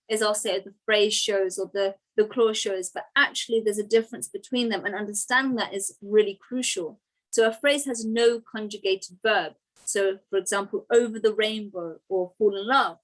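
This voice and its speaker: A woman's voice: medium pitch, low-quality recording. A woman teaching an online grammar lesson, explaining step by step and checking in with "right?" and "okay".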